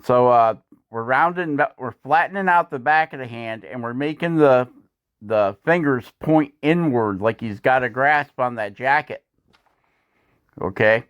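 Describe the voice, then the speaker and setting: A man talks through his carving work in a relaxed, rambling manner and often chuckles as he goes. His voice sits at a mid pitch for a man. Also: a little slow, clear, resonant tone, lo-fi sound. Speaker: woodcarving channel host. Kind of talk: voice-over narration of a carving video.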